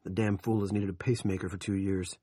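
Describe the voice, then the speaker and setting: A man voicing an urgent small-town doctor who gives brisk, commanding orders. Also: deep voice, flat delivery, dark tone, slightly rough, no room sound. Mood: grave.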